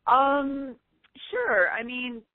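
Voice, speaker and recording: A woman's voice: sits high, big pitch swings, drawn-out words, dry recording. Woman, 50s, podcast guest, emphatic and self-assured, thin phone-line sound. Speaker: guest author. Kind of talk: podcast interview. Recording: tinny phone line, dry.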